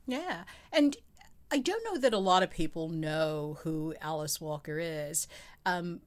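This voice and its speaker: A woman speaks in a fairly low voice. As a podcast co-host, she talks about poetry in an earnest, reflective, conversational way. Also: lively intonation, measured pace.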